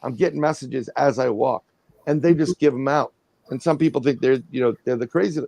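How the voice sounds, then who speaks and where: Middle-aged male guest, gravelly tone, tells an animated, rambling anecdote. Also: medium pitch, a little fast, no echo. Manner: rambling, animated storytelling with restarts and acted-out quotes. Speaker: guest, paranormal researcher. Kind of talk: casual storytelling on a livestream.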